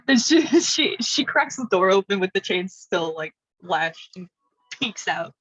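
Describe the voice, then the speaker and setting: A woman's voice: fairly low pitch, measured pace, long pauses, a bit bright, slightly rough, dry recording, lo-fi sound, soft background music. A woman playing a tabletop game, chatting loosely with fillers, laughs and swearing. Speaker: player.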